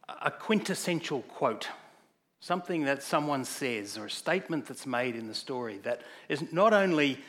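A man's voice: medium pitch, a bit bright. A man preaching a sermon in a conversational way, putting questions to the congregation.

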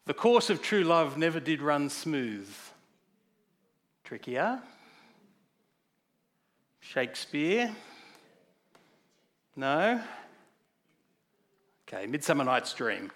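A man's voice: a little high, big pitch swings, extremely slow, long pauses, a bit bright. A man preaching a sermon in a conversational way, putting questions to the congregation.

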